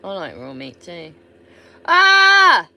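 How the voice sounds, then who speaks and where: A woman from England with a Somerset accent chats casually on a livestream, swearing freely as she answers viewer comments. Her mid-range voice is expressive, slow, and bright, with a forceful tone.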